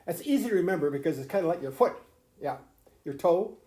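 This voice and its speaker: A man's voice: fairly high pitch, lively intonation, fast talker, mellow. An older grandfather explaining the fiddle to a grandchild in a folksy, rambling way, full of restarts and chuckles. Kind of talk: casual home video lesson.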